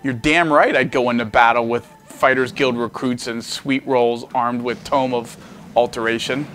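A man's voice: medium pitch, normal speed, soft background music. Joking male livestream host. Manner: animated, joking, thinks aloud. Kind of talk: casual livestream gameplay commentary.

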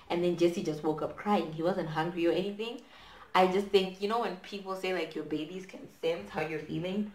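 A young woman from Zimbabwe tells a story at home, chatty and dramatic, full of "like" and "right?". Her voice sits a little low. The room is echoey. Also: darkish tone. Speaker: vlogger. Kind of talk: storytime chat while doing hair.

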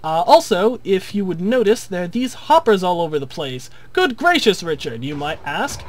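Chatty young man with a high voice. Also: animated, moderate pace, darkish tone, no echo. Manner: rambling, chatty, lots of ums and uhs. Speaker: video host. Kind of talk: casual gameplay commentary.

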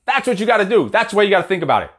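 A coach in his forties gives a blunt, profane, fired-up motivational monologue. He talks rapid-fire in a high, slightly bright voice with big swings in pitch.

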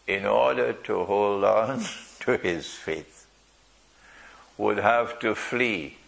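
A man preaching a sermon to an audience, slow and emphatic, with rhetorical questions and dry jokes. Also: sits low, vocal fry, fairly bright tone. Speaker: Islamic preacher.

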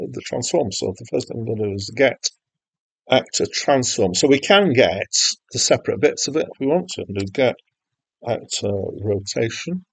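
A man walks through a software tutorial in a chatty, self-deprecating way, stopping often for uhs and ums. His voice has a gravelly edge and sits at an ordinary pitch. The sound is dry and close, with no room around it. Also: no echo, rough recording. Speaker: game development tutor. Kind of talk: screen-recorded software tutorial.

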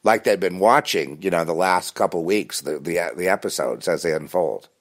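A man's voice: deep voice, normal speed. A man talking intensely in a rambling spiritual monologue, full of restarts and fillers.

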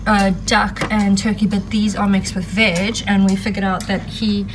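A woman's voice: medium pitch, flat delivery, normal speed, noisy background. A young woman chatting casually in a home vlog, often cooing at her dog. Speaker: vlogger and dog owner.

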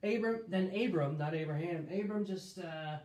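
A man's voice: high-pitched, normal speed, a little mellow. A man leading a casual Bible study, thinking aloud with restarts and reading scripture in a lifted voice. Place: room streamed live. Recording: roomy echo.

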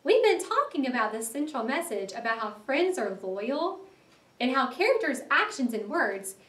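Woman teacher reading a story to kids, fairly high voice, lots of lilt. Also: moderate pace, roomy sound, far from the mic. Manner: expressive, explains words to children. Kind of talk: read-aloud lesson narration.

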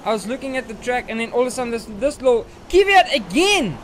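A very high-pitched, sing-song young man speaks briskly as he plays a racing game for his gaming channel. He's frustrated, swearing and ranting at an opposing driver. A little hiss or hum is audible.

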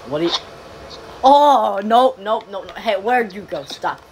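A woman commentating casually on her game, rambling and playfully exasperated, breaking into quick pleading outbursts. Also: mid-range voice, animated, darkish tone, slight background noise. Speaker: game player.

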